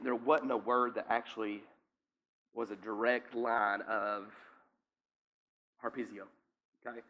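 A man preaching a teaching sermon in a conversational way, often checking in with listeners and now and then coughing or clearing his throat. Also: lowish voice, bright, forceful tone. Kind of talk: sermon teaching with scripture reading.

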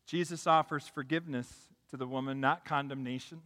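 A male pastor delivers a sermon in a large room, and his voice trails into a long reverb. He builds to emphatic peaks and then drops low and quiet for his stories. His voice is high and bright. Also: steady tone, normal speed, few pauses.

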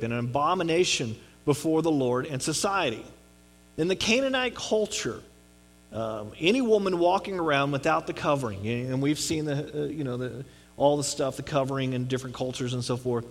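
A man giving a conversational sermon on a Bible passage in an earnest way, often checking in with his listeners. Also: fairly high pitch. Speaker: pastor.

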